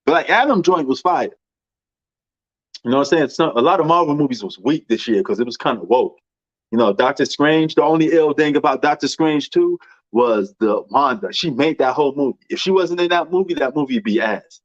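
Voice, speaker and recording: A man's voice: on the high side, animated, fairly quick, no room sound, dull audio. A man with a New York accent chatting casually and rambling about movies, full of slang and fillers. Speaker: movie commentator. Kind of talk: casual chat.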